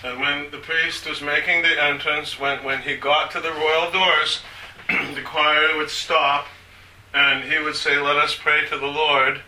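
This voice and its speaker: An older man giving an informal talk to a small group, rambling and halting with many restarts. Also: on the high side, pushed and bright. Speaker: speaker on church liturgy. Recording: echoey room from far off, faint hiss.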